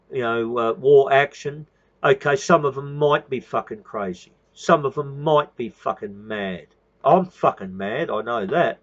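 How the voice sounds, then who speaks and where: An Australian man ranting at his listeners in a raised, slightly high voice. He swears freely, circles back over the same phrases and keeps dropping in "mate". The recording sounds dull and lo-fi. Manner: profane, repetitive, calls listeners "mate". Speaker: activist speaking to followers. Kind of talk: impassioned rant.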